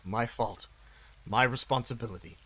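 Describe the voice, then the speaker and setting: A man's voice: medium pitch, moderate pace, fairly bright tone, husky, poor audio. A man voicing a remorseful, guilt-ridden man in a grave tone. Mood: grim.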